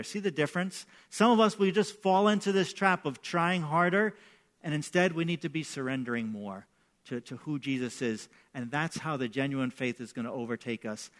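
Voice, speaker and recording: A man's voice: a little high, fairly bright tone. A man preaching a sermon as pastor, telling personal stories in a conversational way and often checking in with "right?". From New York. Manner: conversational storytelling with repeated "right?".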